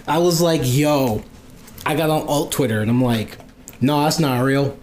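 A man in casual podcast chat, an animated storyteller who acts out quoted exchanges and swears freely. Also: medium pitch, measured pace, slight background noise.

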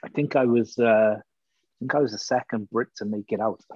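A man's voice: fairly low pitch, steady tone, brisk, dull audio, crowd noise. A man with a Welsh accent, chatting casually as a guest and telling stories with plenty of swearing. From Wales. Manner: laid-back storyteller who swears freely. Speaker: podcast guest, former hockey player. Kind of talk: casual chat.

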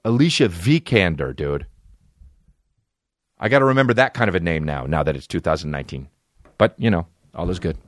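A man ranting casually and comically, swearing constantly, rambling and jumping into excitable high-pitched bursts. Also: fairly quick, long pauses, dry recording, studio quality. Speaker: podcast host. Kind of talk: casual comedic rant.

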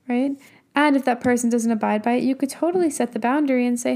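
Young woman coach, fairly high, mellow voice, casual and emphatic motivational delivery with rhetorical questions. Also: a little fast. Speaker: business and mindset coach. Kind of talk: motivational talk.

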